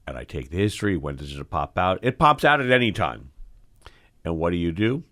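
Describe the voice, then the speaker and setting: A middle-aged man, an eye doctor hosting the show, telling stories from his training in an animated, expressive way that acts out the scenes. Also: sits low, a little fast. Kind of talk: storytelling in casual conversation.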